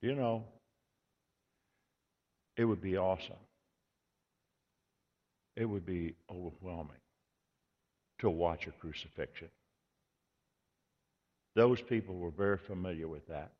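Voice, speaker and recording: A man preaching a sermon as pastor, earnest and measured, repeating key words for emphasis. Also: deep voice. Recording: dull lo-fi sound with long hall reverb.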